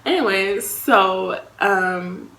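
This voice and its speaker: A woman vlogger tells a story in a chatty, lively way and keeps checking in with her listeners. The recording has a noticeable room echo, as if made in an untreated room at home. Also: mid-range voice, extremely slow. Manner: chatty, animated retelling with frequent "you understand?". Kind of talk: casual storytime vlog.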